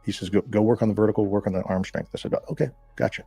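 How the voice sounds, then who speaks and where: A man from Southern California, a guest, telling a profane, animated story in casual talk and acting out the voices of people he quotes. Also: fairly low pitch, rapid-fire, slightly rough, dry recording, faint music behind.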